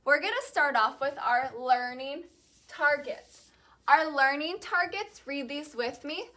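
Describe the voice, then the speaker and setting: Bright, high-voiced teacher leading a repeat-after-me drill. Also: female voice. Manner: says each word slowly and has the class repeat it. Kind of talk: classroom lesson, call-and-response vocabulary drill.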